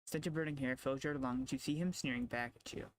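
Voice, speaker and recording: A male streamer reading a story game's text aloud and reacting with quick asides. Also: mid-range voice, steady tone, slight background noise. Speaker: game streamer.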